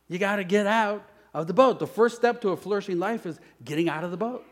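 Pastor guy preaching in church, slightly high voice, goes quiet then loud. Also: fast, few pauses. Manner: dynamic preaching, swings from hushed to loud. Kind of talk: sermon.

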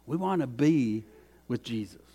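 A man preaching a sermon in an earnest way, repeating phrases and swinging between loud emphasis and hushed, quiet lines. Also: mid-range voice, lively intonation, unhurried, slightly rough. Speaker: pastor.

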